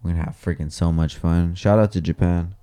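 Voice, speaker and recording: Podcast co-host: man, 30s, very low, dark mellow tone, easygoing slangy banter. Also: steady tone, brisk, smooth. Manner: laid-back slang, swears freely. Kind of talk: casual chat.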